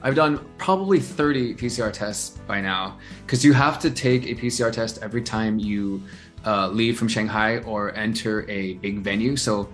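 Animated male storyteller, lots of "uh". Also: fairly low pitch, normal speed, faint music behind. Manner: animated storyteller, many fillers and restarts. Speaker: interview guest, singer-songwriter. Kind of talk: casual phone-style chat.

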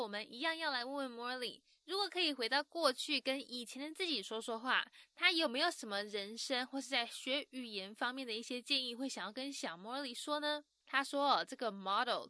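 A woman narrates in a bright, high, ringing voice. She tells the story with lively, scripted energy and drops in English words now and then. The sound is close and dry. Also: no echo. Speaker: host and narrator.

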